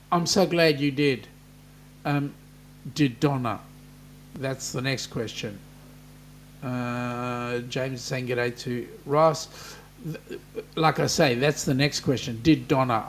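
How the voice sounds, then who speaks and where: Aussie bloke hosting a chat stream, slow and chatty, faint hum in the background. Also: male voice, on the high side. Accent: Australian. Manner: chatty, joking, reads out viewer comments. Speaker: livestream host reading viewer chat. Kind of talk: casual live chat.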